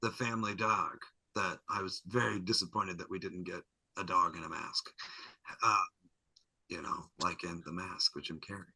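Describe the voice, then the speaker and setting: A man guest on a podcast, recapping an episode in a lively, jokey way and slipping into character voices. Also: deep voice, normal speed, no room sound, rough recording. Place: podcast studio.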